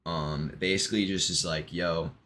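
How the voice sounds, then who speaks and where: Deep-voiced man rambling casually. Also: moderate pace, background noise. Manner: meandering, full of ums and restarts, swears casually. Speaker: vlogger. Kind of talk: casual rambling monologue retelling a joke.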